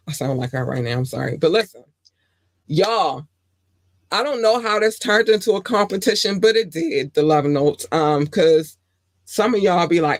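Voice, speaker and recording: A woman in her forties hosting a podcast, chatting casually and showering her listeners with affectionate shout-outs. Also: sits low, moderate pace, no echo. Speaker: podcast host.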